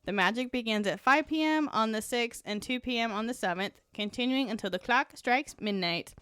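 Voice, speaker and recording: A woman's voice: on the high side, fairly quick, clear, resonant tone, no room sound. A woman co-hosting a podcast, reading sponsor copy and a history story with frequent laughs. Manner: laughs often, lively reading. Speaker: podcast co-host.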